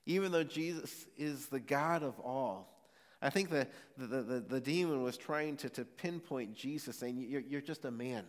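A man's voice: mid-range voice, lively intonation. A man preaching a sermon in a church, speaking earnestly and often restarting his phrases mid-thought. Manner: earnest, with frequent halting restarts. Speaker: pastor. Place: church sanctuary. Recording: long hall reverb.

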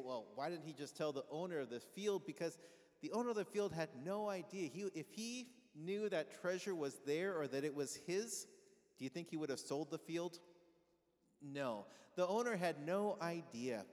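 A pastor giving a conversational sermon, asking his congregation questions and having them call back answers. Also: on the high side. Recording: long reverb of a large hall.

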